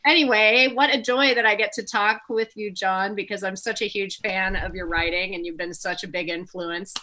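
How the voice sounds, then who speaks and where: A woman's voice: medium pitch, steady tone, normal speed, pushed and bright, poor audio. Effusive, giggly woman moderator. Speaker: author and event moderator. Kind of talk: casual conversation.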